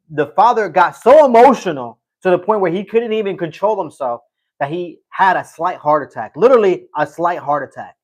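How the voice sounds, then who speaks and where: Middle-aged male streamer, casual and rambling, reads chat aloud, repeats phrases, voice a bit high. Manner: rambling storyteller, repeats himself. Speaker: livestream host reading chat.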